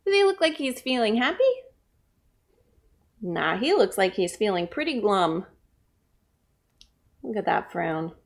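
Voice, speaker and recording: A woman librarian leading a children's story time, reading in an animated sing-song voice and asking the children questions. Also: medium pitch, unhurried, vocal fry, long pauses.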